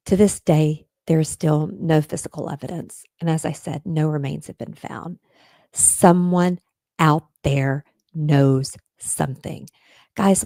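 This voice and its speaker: A woman's voice: on the low side, vocal fry, warm tone, no echo. A woman hosting a casual true-crime live stream, chatting straight to viewers and making earnest pleas. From Texas. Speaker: podcast host.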